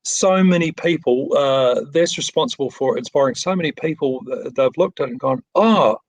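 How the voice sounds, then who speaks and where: A man's voice: medium pitch, fairly quick, no echo, poor audio. A middle-aged man with a New Zealand accent, a frame shop owner talking casually in an interview over a video call, modest and rambling with many fillers and restarts.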